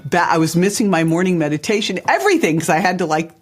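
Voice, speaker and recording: A woman's voice: fairly low pitch, lively intonation, fast, a little hiss or hum. A woman hosting a podcast, chatty and laughing as she tells self-mocking anecdotes. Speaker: podcast host. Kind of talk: casual podcast conversation.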